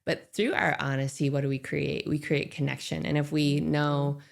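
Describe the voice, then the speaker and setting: A woman's voice: low-pitched, level tone, normal speed, vocal fry. A woman in her fifties speaking earnestly in a casual podcast conversation, thinking aloud and often restarting her phrases. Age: 50s. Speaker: podcast guest on grief.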